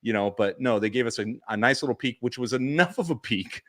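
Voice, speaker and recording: A man co-hosting a podcast, chatting casually and telling convention stories, acting out what people said with big jumps in his voice. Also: fast. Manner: animated storyteller, acts out quotes with big pitch jumps. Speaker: podcast co-host. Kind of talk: casual chat recap.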